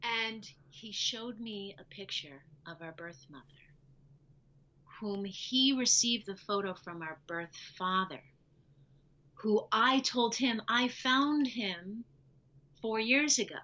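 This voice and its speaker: Woman, interview guest, animated storytelling, forceful voice, muffled lo-fi recording. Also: fairly high pitch, slow. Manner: animated, acts out quoted dialogue.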